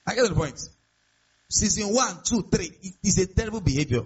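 A man's voice: high voice, lively intonation, fairly quick, a little mellow, husky. A man preaching a sermon as pastor, emphatic and repetitive, often asking the congregation rhetorical questions. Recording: dull lo-fi sound.

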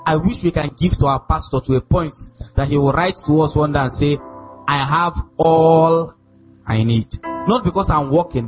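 High-voiced preaching pastor, lo-fi. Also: male voice. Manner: emphatic, asks the congregation questions. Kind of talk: sermon.

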